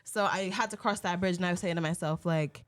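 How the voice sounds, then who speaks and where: A woman's voice: lowish voice, quick pace. A woman from Rhode Island telling a story in casual chat, rambling with lots of fillers.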